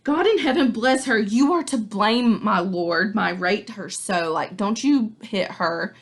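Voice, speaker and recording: A woman's voice: medium pitch, unhurried, natural voice. Give me an indignant protective nurse, as a woman puts her on in a casual play recap. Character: protective older female nurse.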